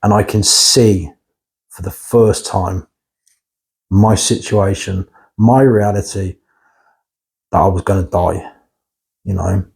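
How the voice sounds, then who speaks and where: This interview guest tells his own life story bluntly and frankly, swearing now and then and often checking in with "right?". His low voice is creaky and darkish, with fairly even intonation. He speaks slowly and pauses often.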